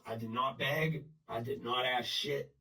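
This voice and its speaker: A man telling his own story in blunt, profane, halting talk full of restarts and fillers. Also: medium pitch, fairly even intonation, bright, forceful tone, recorded from a distance, rough recording. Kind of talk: unscripted personal storytelling.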